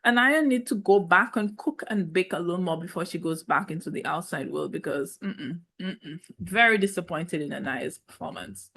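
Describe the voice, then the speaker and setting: A woman's voice: fairly low pitch, moderate pace, hardly any pauses, fairly bright tone. A woman in a casual, sassy reality TV recap, with speech and playful, opinionated asides. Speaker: reality show recap host.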